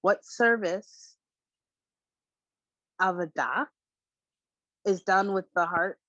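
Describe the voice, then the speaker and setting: A woman in a class reading a passage aloud, slow and careful. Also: medium pitch, pushed and bright, no room sound, dull audio. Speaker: class participant.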